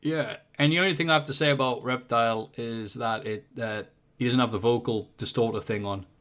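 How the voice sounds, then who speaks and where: A man with a British accent, a podcast guest talking music in casual chat, jokey and animated as he tells his take. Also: mid-range voice, brisk.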